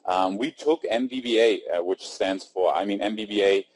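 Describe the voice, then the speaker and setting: Webinar host, male, German accent, low husky voice, upbeat and chatty. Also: moderate pace, rough recording. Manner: upbeat, chatty, reads out chat names. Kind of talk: casual webinar talk. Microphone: computer mic on webinar.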